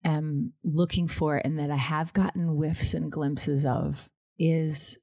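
Candid, heartfelt podcast guest, woman, low-pitched, dry recording. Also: fairly even intonation, unhurried, creaky, a little mellow, no room sound. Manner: candid, emotional, laughs easily. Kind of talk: candid conversational chat.

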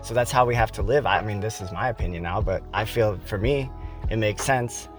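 A man's voice: lowish voice, brisk, faint music behind. An American man hosting a podcast, delivering a heated, profane political rant with emphatic stresses. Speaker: podcast host.

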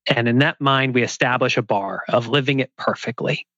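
A man's voice: medium pitch, a little fast, fairly bright tone, no echo, highs cut off. Reflective male host, dry sound. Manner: reflective, thinks aloud with restarts. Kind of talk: conversational interview.

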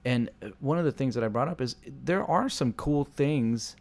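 A man's voice: mid-range voice, normal speed, a little mellow. A man in his forties, a pastor and podcast co-host, chatting casually and acting out quoted voices in his stories. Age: 40s. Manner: rambling storyteller, acts out quoted voices.

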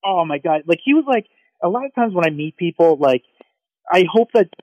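Excitable fast-talking high-voiced man. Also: dry recording, highs cut off. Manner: excitable, gushing, quick anecdotes. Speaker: podcast co-host. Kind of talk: casual chat, storytelling.

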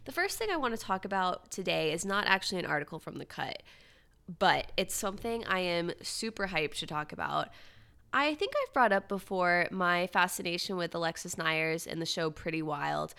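A woman's voice: fairly low pitch, lively intonation, moderate pace, creaky, sharp tone, clear, resonant tone. A young woman hosting her own podcast in casual solo chat, with uptalk and a valley girl way of speaking. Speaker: podcast host.

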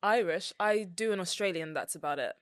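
A woman's voice: lowish voice, a little fast, no room sound, studio quality. A woman co-hosting a podcast in casual chat, chatty and self-deprecating with frequent giggles. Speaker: podcast co-host.

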